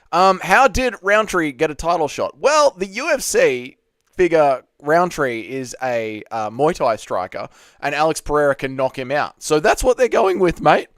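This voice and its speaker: Young australian man, livestream host, bouncy animated pitch, smooth clear voice, dry close sound. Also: dry recording. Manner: chatty, swears casually, greets viewers by name. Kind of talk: casual live chat reading viewer comments.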